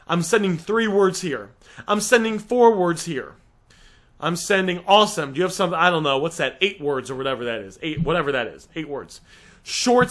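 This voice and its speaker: Emphatic, high-voiced male sales coach. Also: fairly bright tone. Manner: direct, emphatic, addresses listeners as guys. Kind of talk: teaching a sales script.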